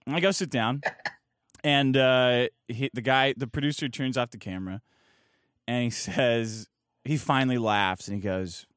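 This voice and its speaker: A man's voice: mid-range voice, normal speed, fairly bright tone, clean tone, no room sound. A man telling a profane, mocking story as a podcast guest, close to the mic.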